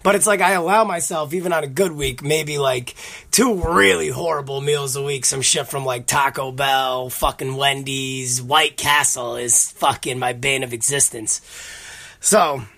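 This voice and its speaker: A man's voice: medium pitch, fairly even intonation, a little slow, creaky, pushed and bright. A man hosting a podcast, telling rambling, profane stories in casual chat. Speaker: podcast host.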